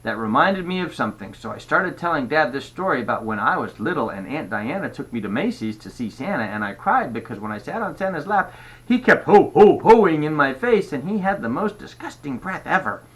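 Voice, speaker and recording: Grandpa reading a kids book out loud, lively and bright, kinda high voice. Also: male voice, a little fast, hardly any pauses, poor audio. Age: older. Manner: expressive, stops to restart. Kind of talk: storybook read-aloud.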